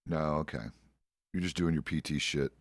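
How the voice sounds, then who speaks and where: A middle-aged man with an American accent and a very deep voice talks in a loose, swearing, easygoing way, laughing between remarks. The sound is dry and close, with no room around it. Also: fairly even intonation, moderate pace, no echo. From United States. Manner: profane, laid-back, chuckles often. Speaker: roleplay streamer. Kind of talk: casual chat while roleplaying a game.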